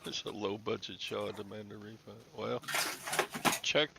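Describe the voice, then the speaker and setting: A man's voice: lowish voice, flat delivery, normal speed, creaky, very noisy. A man hosting a casual live stream about reselling, grumbling and joking dryly into a headset mic.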